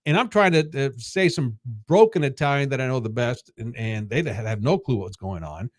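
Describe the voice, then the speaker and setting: A man in his fifties, a podcast guest, telling casual stories in a halting way that repeats words. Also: mid-range voice, animated, no room sound, studio quality. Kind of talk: casual storytelling.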